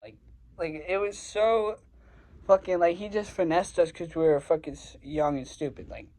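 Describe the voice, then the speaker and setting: A young man tells a story from his own life in a loose, rambling way. His voice sits a little high for a man. He leans on fillers and curses freely as he talks. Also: fairly even intonation, normal speed, darkish tone, rough recording. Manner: rambling, filler-heavy, profane, gets heated. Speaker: vlogger. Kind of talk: casual storytelling.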